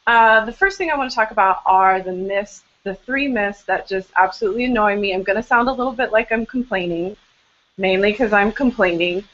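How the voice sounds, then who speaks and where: A woman's voice: mid-range voice, fairly quick, a bit bright. American woman, webinar host, chatty and self-deprecating, informal, muffled lo-fi call audio. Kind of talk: casual live webinar talk. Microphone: webcam on a video call, later a headset.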